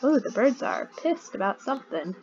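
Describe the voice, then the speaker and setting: A woman's voice: fairly high pitch, very animated, moderate pace, a little mellow, highs cut off, a little hiss or hum. A woman giving casual let's-play commentary, giggling often and chatting to the game's characters.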